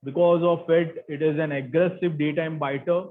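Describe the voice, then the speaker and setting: A man's voice: a little high, fairly even intonation, moderate pace, slight background noise. A man with an Indian English accent giving an academic lecture as guest speaker, explaining steadily with frequent fillers. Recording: tinny phone-like line.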